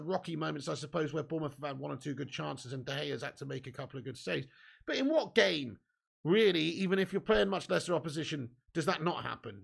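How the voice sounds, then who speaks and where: A man's voice: fairly high pitch, gravelly. A young man hosting a live football watch-along, giving commentary and reading viewer comments. He swears a lot, laughs often and banters with his viewers. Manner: gets excited at chances and goals.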